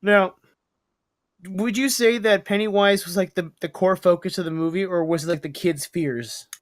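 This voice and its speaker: A man's voice: high-pitched, normal speed, no echo, clean studio sound. A young man hosting a podcast in casual chat, rambling, swearing freely and stumbling over his words. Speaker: podcast host.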